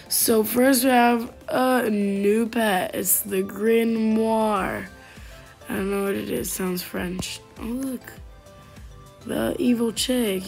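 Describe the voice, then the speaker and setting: Chatty woman with a gravelly voice. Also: mid-range voice. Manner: chatty, playful, reads game text aloud. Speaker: gaming YouTuber. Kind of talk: casual gameplay commentary. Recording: faint game music behind.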